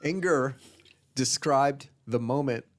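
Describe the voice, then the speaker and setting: A man's voice: mid-range voice, slow, slight background noise. A man co-hosting a comedy podcast, casually telling a strange story and reading quotes from his notes while laughing along with friends.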